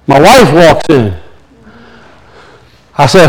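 A man's voice: sits high, very animated, normal speed, low-quality recording. A man, preaching a sermon in a folksy storytelling way and acting out the voices in his stories. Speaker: pastor.

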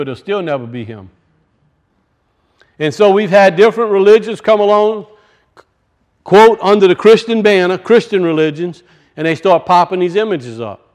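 A man preaching a sermon and telling a personal story, swinging from loud bursts to hushed, quiet lines. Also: high-pitched, moderate pace, pauses often. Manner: rises loud then drops to hushed, storytelling.

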